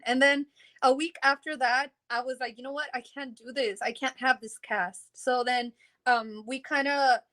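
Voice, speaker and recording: High-voiced woman retelling a mishap. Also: fairly bright tone. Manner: rambling, acts out quoted dialogue, laughs in between. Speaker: guest telling her story. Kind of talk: casual interview storytelling.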